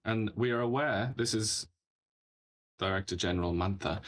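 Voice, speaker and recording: Wry low-voiced co-host. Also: male voice, moderate pace, long pauses. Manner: wry, jokey asides. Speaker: podcast co-host. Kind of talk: casual political commentary.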